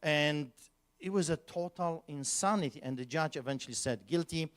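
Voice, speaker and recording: At a conference, a male pastor relates a story from his life at a normal pace, his voice fairly high. He sounds animated and emphatic, with occasional sudden surges in loudness.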